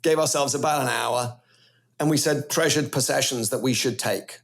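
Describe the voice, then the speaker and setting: A middle-aged Welsh man telling stories as a podcast guest, animated and rambling in casual chat. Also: mid-range voice, normal speed, vocal fry. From Wales.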